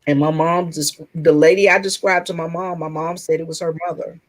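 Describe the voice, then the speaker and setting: In a rough recording, a woman with a low, steady voice shares her own story in a casual group chat room. She is earnest and open, restarting her sentences haltingly.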